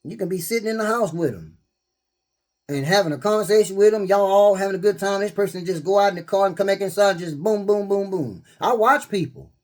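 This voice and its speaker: High-voiced man preaching casually. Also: a little fast. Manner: laughing, animated storyteller who quotes scripture. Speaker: spiritual vlogger.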